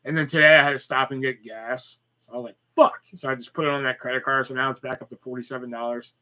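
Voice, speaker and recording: A man's voice: mid-range voice, steady tone, fast talker, sharp tone. A young man hosting a live podcast, telling rambling, profane stories in casual chat and acting out the dialogue. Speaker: podcast host.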